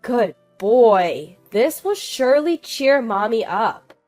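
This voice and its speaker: A woman voicing a grandmother who cheers on a small child in a loud, playful way, for a storybook narration. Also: fairly high pitch, very animated, takes it slowly, soft background music. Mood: gleeful. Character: grandmother gleefully coaching a toddler.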